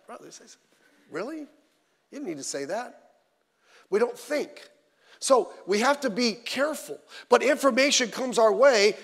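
Guy preaching, pretty high voice, chatty and animated, big echoey hall. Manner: conversational, animated, acts out quoted voices. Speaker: pastor. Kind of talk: sermon. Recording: long hall reverb.

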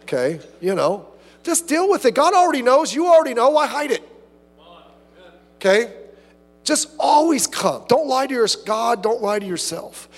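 Man, pastor preaching, high voice, animated asides, echoing hall. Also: normal speed. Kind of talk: sermon.

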